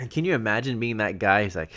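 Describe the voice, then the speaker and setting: A man's voice: fairly low pitch, fairly bright tone. A man co-hosting a comedy podcast, riffing in casual banter and laughing often. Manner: jokey, laughs often, riffs on news. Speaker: podcast co-host.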